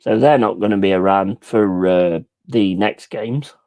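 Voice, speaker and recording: A man's voice: lowish voice, unhurried, mellow. A man hosting a football watch-along, ranting furiously with heavy swearing about refereeing decisions. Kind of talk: live football reaction commentary.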